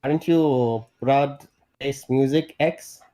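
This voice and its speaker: A man's voice: mid-range voice, takes it slowly, dark tone. A man interviewing a call-in guest, pressing with accusatory questions and talking over her. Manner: pushy, accusatory, talks over others. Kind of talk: confrontational questioning. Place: streaming setup.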